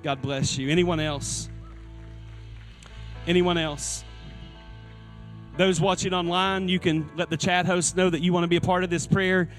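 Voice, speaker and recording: A male pastor preaching a sermon in a church, earnest and repeating his key phrases, with soft instrumental music behind him. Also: high-pitched, fairly even intonation, measured pace, pauses often. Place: church sanctuary.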